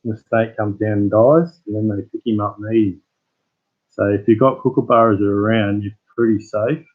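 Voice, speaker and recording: A man's voice: lowish voice, fairly even intonation, normal speed, narrow, tinny audio. An Australian man hosting his channel, chatting casually with live viewers as a rambling, laid-back storyteller. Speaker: channel host.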